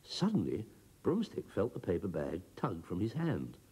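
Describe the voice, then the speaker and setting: A man giving a scripted children's storybook narration, expressive and bouncing between character voices. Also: low-pitched, normal speed, husky.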